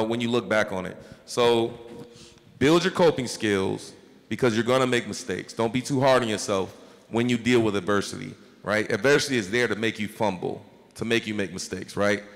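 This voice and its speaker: A man's voice: medium pitch, moderate pace, a bit bright. A man in his thirties, a mayor, giving earnest, encouraging advice to young people at a town hall, often checking in with "right?". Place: large school hall. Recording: echoey hall reverb.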